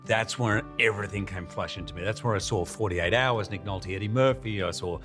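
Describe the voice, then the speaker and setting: A man in casual chat, telling stories in a friendly, animated way as a guest actor on an interview show. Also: fairly low pitch, fairly quick, music in the background.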